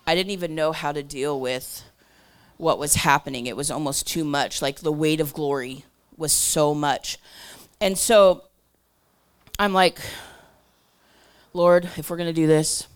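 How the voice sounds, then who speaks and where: A woman telling a testimony story to a church crowd in a chatty way, full of asides, that swings from loud bursts to whispers. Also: sits low, measured pace, clear, resonant tone. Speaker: church speaker.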